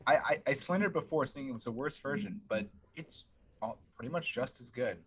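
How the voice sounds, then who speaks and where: A man's voice: mid-range voice, animated, a little fast, fairly bright tone, slightly rough. A young man co-hosting a podcast in casual chat, rambling and self-mocking, stammering through restarts. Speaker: podcast co-host.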